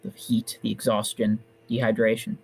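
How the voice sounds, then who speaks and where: A man's voice: on the low side, flat delivery, moderate pace, gravelly, darkish tone, slightly rough, poor audio. A man speaking in character during a tabletop role-playing game, reminiscing reflectively. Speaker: player.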